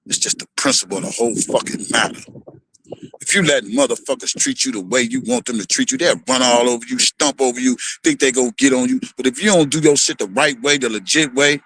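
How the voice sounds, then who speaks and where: Fired-up man ranting, bright voice. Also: mid-range voice, fast. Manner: animated, profane, repetitive preaching tone. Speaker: vlogger. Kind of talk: heated rant to camera.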